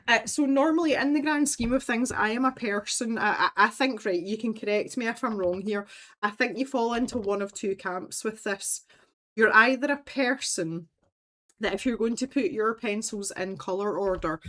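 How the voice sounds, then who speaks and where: A woman's voice: medium pitch, fairly bright tone. Chatty Scottish woman on a livestream. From Scotland. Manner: chatty and rambling, laughs often. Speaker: livestream host. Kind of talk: casual livestream chat.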